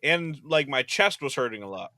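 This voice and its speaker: A young man co-hosting a casual podcast, telling stories in an animated, profane way and loudly acting out quotes. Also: medium pitch, normal speed, no room sound, clean studio sound. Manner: animated, profane storytelling with loud acted quotes. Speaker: podcast co-host. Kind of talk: casual chat.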